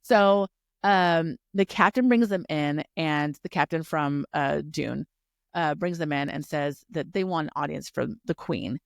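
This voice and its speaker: A woman with a fairly low voice co-hosts a casual book-club podcast, retelling the story in an animated, swear-laced way. The recording is dry and close, with no room sound. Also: measured pace, creaky, dry recording. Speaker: podcast co-host.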